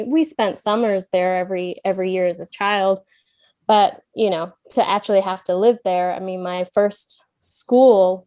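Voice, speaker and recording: A woman's voice: medium pitch, a little mellow, no room sound. A woman from Ireland, raised in London, with a light Irish accent, chatting as a guest over a video call and telling stories with easy laughs. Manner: chatty storyteller, laughs easily. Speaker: guest, events manager. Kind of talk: remote interview conversation.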